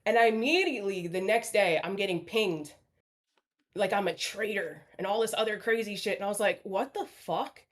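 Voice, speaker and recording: This stream panel guest speaks in a mid-range voice, a little fast, joining by video call. Her candid chat is blunt and apologetic, full of swearing.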